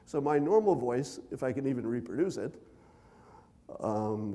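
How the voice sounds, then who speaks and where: A man giving a conference keynote speech, conversational with dry self-deprecating humor, deliberately speaking at a raised pitch. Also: expressive, mellow. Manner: loose, unhurried delivery with many fillers and asides.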